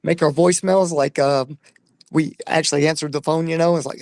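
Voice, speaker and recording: A man's voice: fairly high pitch, fairly even intonation, a little fast, a little mellow, no echo, studio quality. A man in a casual online chat recalling a prank, speaking with hesitations and fillers.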